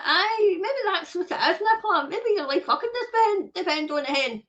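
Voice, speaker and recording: A woman's voice: extremely high pitch, expressive, a little fast, hardly any pauses, a bit bright. A Scottish woman hosting a livestream, ranting angrily with lots of swearing and reading out viewer comments. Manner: angry, sweary, reads viewer comments aloud. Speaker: livestream host. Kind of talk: casual livestream rant. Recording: dull lo-fi stream audio.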